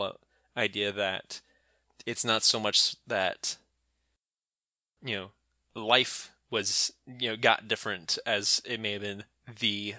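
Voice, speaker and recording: A man co-hosting a science podcast, chiming in with jokey asides and relaxed banter. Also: lowish voice, dry recording, clean studio sound. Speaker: podcast co-host. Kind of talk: casual science podcast chat.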